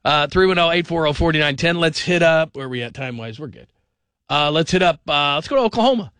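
A man hosting call-in sports radio, rambling and animated, sometimes mimicking people in funny voices. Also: a little high, fast, clear, resonant tone, dry recording, clean studio sound.

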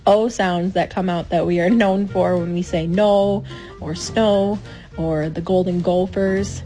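Minnesota lady, lowish mellow voice, friendly, soft guitar behind. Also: steady tone, unhurried. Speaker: listener calling in.

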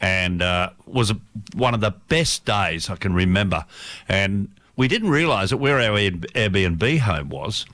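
Casual male co-host, lowish voice, dry sound, rambling and self-correcting. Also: lively intonation, unhurried, a bit bright, dry recording. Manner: rambling, self-correcting, laughs while telling stories. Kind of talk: casual storytelling chat.

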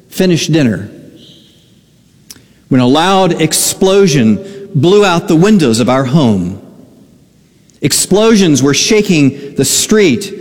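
A pastor preaching a sermon, telling a story slowly and earnestly, with dramatic pauses. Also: male voice, a little high, in a large hall.

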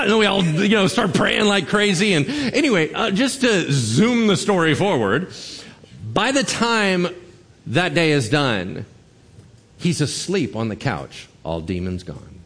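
A man's voice: medium pitch, normal speed, breathy edge, in a large hall. A man preaching a sermon as pastor, telling stories animatedly and acting out the lines people said. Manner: animated storytelling, acting out quotes.

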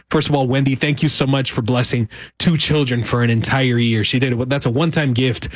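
A man representing a charity on air, making an upbeat, persuasive fundraising appeal and slowly repeating the phone number. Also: medium pitch, fairly even intonation, no echo.

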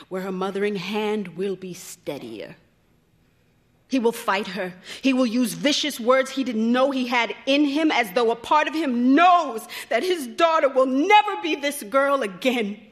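Woman, reader, fairly high voice, measured literary reading that dips almost to a whisper, live stage. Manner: measured, drops softly to near whisper at times. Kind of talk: literary short story reading.

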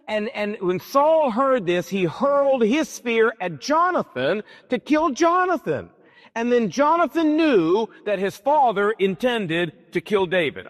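A male pastor preaching a sermon, telling a Bible story emphatically and dramatically. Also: sits high. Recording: long hall reverb.

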